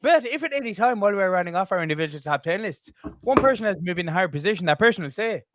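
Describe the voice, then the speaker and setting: A man's voice: high voice, lively intonation, rapid-fire, noisy background. A man putting on a hammy Irish accent. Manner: theatrical, overdone delivery. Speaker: podcast host.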